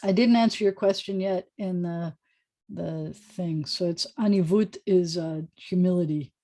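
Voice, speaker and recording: A woman rabbi teaching an informal online Hebrew class over a video call, chatty and joking as she sounds out words slowly. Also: lowish voice, warm tone, no echo.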